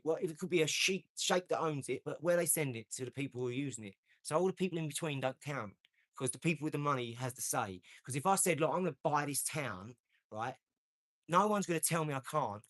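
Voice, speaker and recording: A man's voice: a little high, fairly bright tone, dry recording. Emphatic man hosting a live stream. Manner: emphatic, repeats phrases for effect. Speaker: livestream host. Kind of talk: casual motivational livestream chat.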